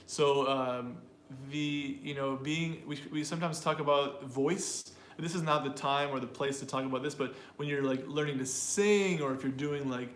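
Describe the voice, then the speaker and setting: Male co-host, middle pitch, loose rambling explainer, roomy echo. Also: normal speed, few pauses, a bit bright, slight background noise. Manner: rambling, restarts, playful demonstrations of voices. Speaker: co-host, English teacher. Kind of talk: casual explanatory chat. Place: room with a piano. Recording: echoey room, faint ambience.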